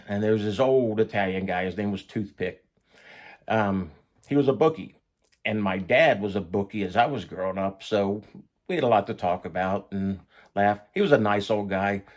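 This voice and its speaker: A man's voice: lowish voice, darkish tone. A man casually telling a story about his own past, blunt and profane in a conversational way.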